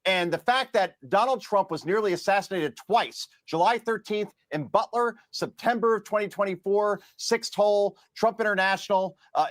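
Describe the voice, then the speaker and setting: Jersey-born guy ranting on a tv news show, fired up, kinda high voice, dry sound. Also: no echo. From New Jersey. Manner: indignant and emphatic. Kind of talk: emotional televised political commentary.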